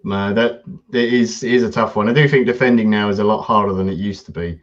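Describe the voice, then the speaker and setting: A man co-hosting a football podcast, talking in a relaxed way with lots of ums and measured opinions. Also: fairly low pitch, dull audio. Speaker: podcast co-host. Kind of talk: casual football chat.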